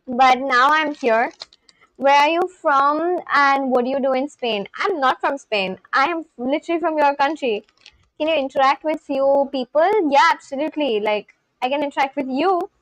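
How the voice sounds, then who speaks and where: A woman's voice: high-pitched, a bit bright, low-quality recording. A young woman from West Bengal, India, chatting casually with viewers on her live stream and answering their questions as she reads them out. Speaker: livestreamer.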